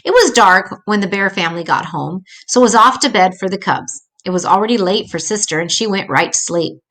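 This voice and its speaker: An older woman, a grandmother storyteller, reading a children's picture book aloud in a gentle, expressive way with small slips. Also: medium pitch, brisk.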